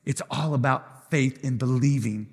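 Impassioned high-voiced preacher man. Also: expressive, normal speed. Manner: impassioned, repetitive preaching with sung, rising phrases. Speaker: lead pastor. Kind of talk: live sermon. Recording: long hall reverb.

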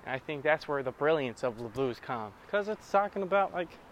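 A man's voice: a little high, animated, fairly quick, a little hiss or hum. A man hosting a casual solo podcast, rambling with lots of swearing about music and daily annoyances. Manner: profane, rambling, scats and sings improvised blues. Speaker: podcast host.

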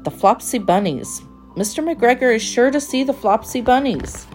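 A woman's voice: medium pitch, sing-song, unhurried, mellow, soft background music. A woman voicing a fussy, very particular little female mouse, prim and proper in manner. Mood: anxious.

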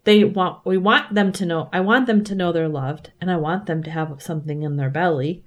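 A woman's voice: fairly low pitch, a little fast. A woman guest in a casual faith conversation, talking candidly and animatedly, often saying "like" and laughing at herself. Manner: frequent filler "like". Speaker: podcast guest.

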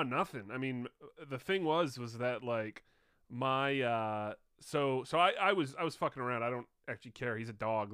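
A young man on a podcast who talks in a lively, swooping way, telling a rambling story with casual swearing and bursts of laughter. His voice sounds smooth and resonant, close to the mic in a dry, dead room. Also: mid-range voice, no echo. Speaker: podcast co-host. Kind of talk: casual chat.

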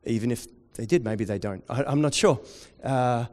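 A man preaching a sermon, dropping to quiet intensity and rising to loud, excited storytelling. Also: medium pitch, normal speed. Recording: long hall reverb.

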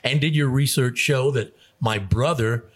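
A man's voice: mid-range voice, a little slow, breathy edge. A man hosting a radio show, telling jokes in a casual, chuckling way. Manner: animated joke-telling with voices and chuckles. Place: radio studio.

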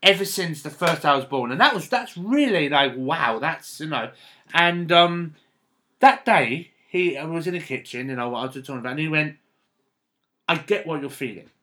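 Bright-voiced man telling a story. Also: fairly high pitch, animated. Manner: storytelling, halting and emotional. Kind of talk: casual chat.

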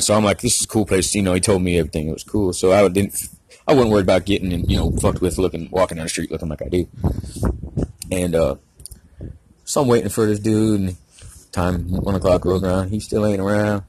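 A man's voice: deep voice, darkish tone, slight background noise. A man from Georgia, rambling through a casual, profane story. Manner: rambling, heavy profanity, slangy.

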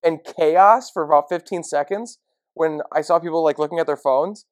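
A man's voice: on the high side, moderate pace, no echo. A man co-hosting a casual sports podcast, telling stories with frequent laughs and filler words. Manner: laughing storyteller, many fillers. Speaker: podcast co-host.

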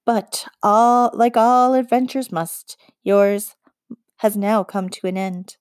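A wry, unhurried shapeshifting witch who rules the forest, read by a woman in an audiobook. She teases and chills in equal measure, voiced dry and close with no room around it. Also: mid-range voice, a little mellow, no room sound, close to an everyday voice. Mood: cold. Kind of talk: audiobook character voice.

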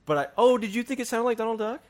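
A podcast co-host in casual chat, teasing and wry, quick with jokes. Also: medium pitch, lively intonation, a little mellow.

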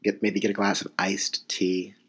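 A man's voice: low-pitched, monotone, moderate pace, a bit bright, breathy edge. A young man in his twenties from California, giving a rambling, self-correcting comedic monologue with wry asides.

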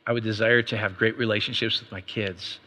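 Middle-aged male pastor, bright and forceful, casual preaching style peppered with rhetorical questions, ringing hall reverb. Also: on the low side, steady tone. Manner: conversational preaching, quick asides and rhetorical questions. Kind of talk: sermon.

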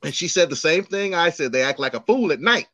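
Animated middle-aged man telling stories. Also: a little high, brisk, no echo. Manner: animated, acts out quoted voices, swears freely. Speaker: podcast host. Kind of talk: casual storytelling chat.

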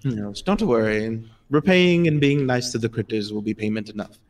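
A man voicing a small, friendly dark gray gnome who patiently tends animals, speaking gently in a raised voice. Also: mid-range voice, moderate pace, lightly acted. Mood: kindly.

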